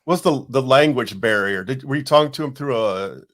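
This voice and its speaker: A man co-hosting a podcast, asking relaxed, halting questions. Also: mid-range voice. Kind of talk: casual interview chat.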